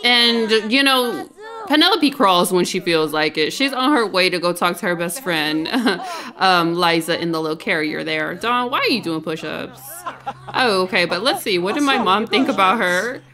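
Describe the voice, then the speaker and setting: Bright, animated woman gaming host. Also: on the low side, normal speed. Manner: excitable and dramatic, laughing often. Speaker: let's play host. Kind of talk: casual game commentary.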